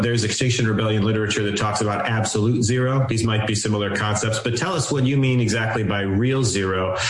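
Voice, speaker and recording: A man interviewing a guest, asking measured, probing questions. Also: fairly low pitch. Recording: roomy echo.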